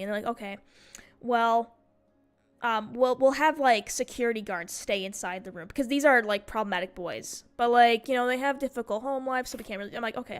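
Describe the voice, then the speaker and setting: A young woman with a high, bright-sounding voice tells a story while she plays a game. She is animated and swears freely, and her sentences are full of "like" fillers. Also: clear, resonant tone. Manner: animated, profane, heavy use of "like". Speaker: streamer. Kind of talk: casual storytime while gaming.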